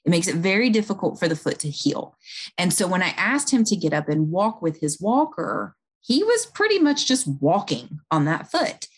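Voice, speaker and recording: A woman's voice: fairly low pitch, sing-song, normal speed, slightly rough. Earnest woman health worker telling a story. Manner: earnest, explanatory, with frequent fillers and restarts. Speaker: home health clinician. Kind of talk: conversational storytelling.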